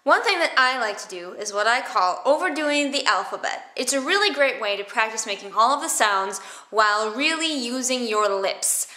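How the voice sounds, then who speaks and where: A woman teaching theatre vocal warmups in a playful, silly way, exaggerating her mouth movements. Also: fairly high pitch, expressive, normal speed, few pauses. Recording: echoey room.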